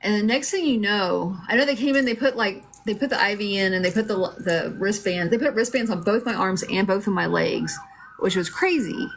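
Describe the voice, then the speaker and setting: A woman's voice: medium pitch, expressive, moderate pace, slight background noise. A middle-aged woman telling her own story in a casual, rambling way, with lots of fillers and restarts.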